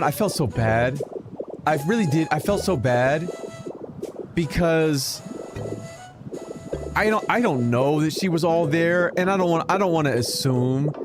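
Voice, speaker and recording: A man with a slightly high voice tells stories while he plays a game on stream. He talks casually, swears freely and gets animated, with clear game music playing behind him. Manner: animated, profane storytelling. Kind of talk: casual storytelling while gaming.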